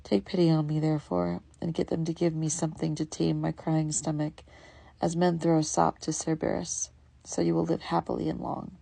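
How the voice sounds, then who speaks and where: A woman reading aloud voices a starving ragged young man who pleads slowly for food. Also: sits low, flat delivery, creaky, warm tone, no room sound, heavily acted. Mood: pleading. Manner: pleading, slow and drawn out.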